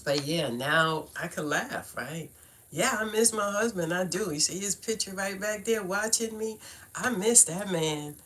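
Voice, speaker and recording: A woman's voice: medium pitch, measured pace, a bit bright, slight background noise. A middle-aged woman from Brooklyn with a Brooklyn accent, chatting casually with viewers on a livestream, laughing often and making playful asides. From Brooklyn, New York. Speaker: livestream host teaching cardology.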